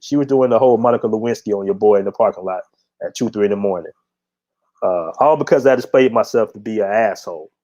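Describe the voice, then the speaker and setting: A man's voice: lowish voice, expressive, fast talker, darkish tone. A middle-aged man hosting his own channel, telling a story in a casual monologue with a blunt, profane, laid-back manner. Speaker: channel host. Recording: dull lo-fi audio.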